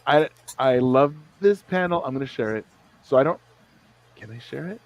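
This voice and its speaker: A relaxed man co-hosting a casual chat, voice sitting in a middle register. He slips into characters' lines as he retells a scene, heard over a video call. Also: medium pitch, normal speed, dry recording, muffled recording. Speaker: podcast co-host. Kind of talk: casual chat reviewing comics.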